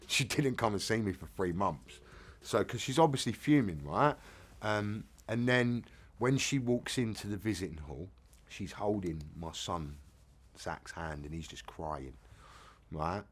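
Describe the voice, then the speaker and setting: A man's voice: lowish voice, animated, unhurried, husky. A middle-aged man with an English accent, frankly and casually telling his own life story. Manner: plain-spoken, casual, frank. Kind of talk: candid first-person storytelling.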